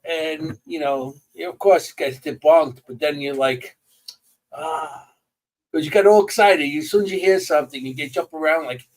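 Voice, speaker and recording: An animated man recounts investigation stories in casual chat, getting excited and tripping over his own sentences. His voice sits fairly high, and he sounds a little set back from the microphone. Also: far from the mic, rough recording. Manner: animated storyteller, quick to get excited and restart sentences. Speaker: paranormal investigator.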